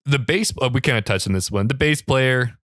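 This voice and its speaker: A man's voice: medium pitch, brisk, fairly bright tone, no room sound, studio quality. A man co-hosting a casual film podcast, chatty and wry, often breaking into laughter. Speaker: podcast co-host.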